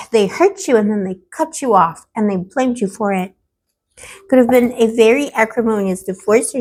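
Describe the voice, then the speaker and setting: A woman with a hoarse, fading voice giving a tarot card reading, affectionate and playful, calling the viewer pet names with dramatic asides. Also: mid-range voice. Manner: affectionate, calls the viewer boo-boo and baby. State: hoarse, losing her voice. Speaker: tarot reader.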